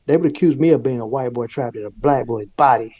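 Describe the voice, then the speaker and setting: A man's voice: mid-range voice, fast, crowd noise. Laid-back man on dull lo-fi audio. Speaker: panel guest. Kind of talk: casual livestream chat.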